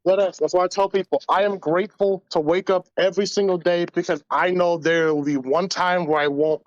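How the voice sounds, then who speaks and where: A man's voice: high voice, steady tone, brisk, no echo, dull audio. A man hosting a casual podcast, ranting in a crude, rambling way and slipping into voices. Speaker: podcast host. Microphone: voice call.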